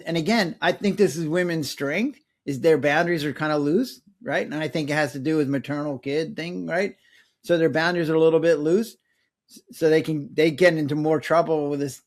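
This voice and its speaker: Middle aged guy chatting in an interview, kinda high voice, lively, acts out little voices. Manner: animated, acts out patients' and his own lines in voices. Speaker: guest, former physician. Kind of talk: casual conversational interview.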